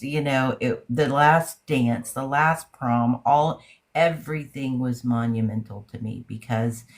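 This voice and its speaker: A grandmother talking candidly and emotionally in a casual chat, rambling with frequent restarts. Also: rumbling low. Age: older. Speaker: podcast guest.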